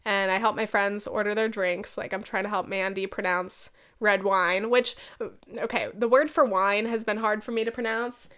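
A woman's voice: medium pitch, fairly even intonation, normal speed, a bit bright, clear, resonant tone. A young woman hosting a solo podcast, chatting casually with lots of fillers, swearing and laughing often. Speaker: podcast host.

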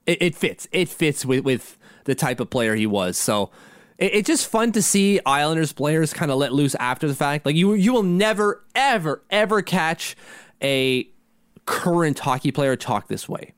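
A man's voice: on the high side, lively intonation, normal speed, smooth, dry recording, studio quality. A man co-hosting a sports podcast in casual chat, rambling with many restarts. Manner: rambling, frequent restarts and laughs. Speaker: podcast co-host.

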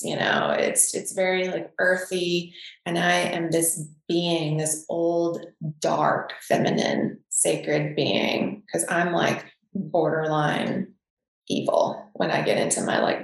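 A woman's voice: on the low side, gravelly, reverberant, low-quality recording. A woman speaking openly and reflectively as a guest in a podcast conversation.

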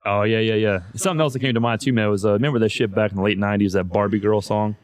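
A man's voice: on the low side, steady tone, racing, no room sound. A man hosting a podcast in casual chat, loose and profane, saying "man" all the time. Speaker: podcast host.

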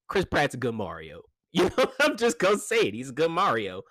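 Lively laughing man reviewing movies. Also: medium pitch, a little fast, no room sound. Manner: animated, laughs often, many fillers and restarts. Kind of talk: casual spoken review.

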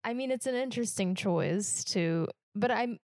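A woman's voice: a little high, normal speed, a little mellow, dry recording, studio quality. A woman co-hosting a casual podcast chat, talking in a thoughtful, questioning way with frequent fillers. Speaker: podcast co-host.

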